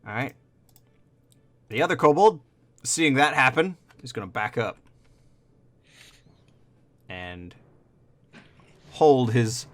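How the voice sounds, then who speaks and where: A man's voice: medium pitch, a bit bright. A man narrating a tabletop game as game master, in a casual manner with fillers. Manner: casual, describes scenes with fillers.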